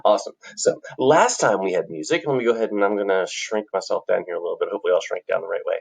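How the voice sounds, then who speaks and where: An upbeat male music teacher leads an online lesson, encouraging and chanting rhythm syllables for his students. His voice sits a little low and has a husky edge. He is recorded on a computer microphone indoors. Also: racing, hardly any pauses, a little mellow.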